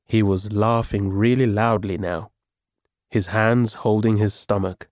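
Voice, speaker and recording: A man reading a story aloud as its narrator, calm and measured. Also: on the low side, no room sound, studio quality.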